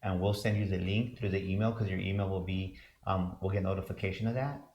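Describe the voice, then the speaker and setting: A man's voice: sits low, steady tone, fast talker, darkish tone, muffled recording, slight background noise. A man co-hosting a motivational talk show, speaking fervently with repeated, preacher-like build-ups. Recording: roomy echo.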